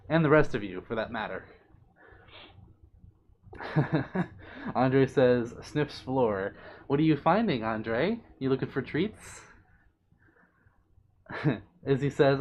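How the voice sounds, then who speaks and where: A man's voice: mid-range voice, muffled recording. A young man hosting a casual livestream, reading out viewer comments and answering them in a chatty, affectionate, playful way. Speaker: livestream host.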